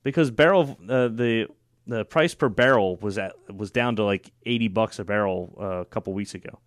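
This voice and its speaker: Guy hosting a political talk show, lowish voice, dry close sound, opinionated and sarcastic. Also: moderate pace, dry recording. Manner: opinionated, sarcastic, frequent fillers and restarts. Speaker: radio show host.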